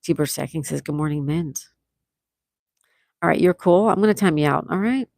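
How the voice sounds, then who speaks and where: A woman's voice: deep voice, normal speed, creaky, darkish tone, no echo, clean studio sound. A woman hosting a casual livestream, chatting and reading out viewer comments, laughing often. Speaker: livestream host.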